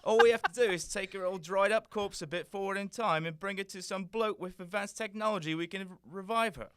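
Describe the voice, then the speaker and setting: A man voicing a cocky time-traveling doctor with an exaggerated put-on cockney accent, loud and hammy. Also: sits high, brisk, clean tone, no echo, studio quality, voice pushed up. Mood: cheery. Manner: loud, hammy, breaking into laughs.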